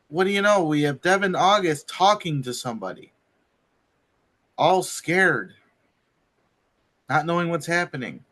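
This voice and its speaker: A man recapping results on a casual podcast in a bright, fairly high voice. He talks slowly and haltingly and keeps saying um. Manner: slow, halting, with many ums. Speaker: podcast co-host reading results.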